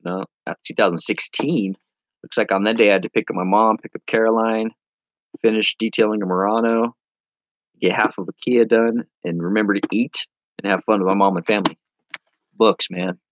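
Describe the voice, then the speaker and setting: A man hosting a casual live stream, rambling and joking as he reads viewer comments, with sudden playful jumps into a high voice. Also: steady tone, moderate pace, dry recording, dull audio. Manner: silly, playful with sudden high-pitched bursts.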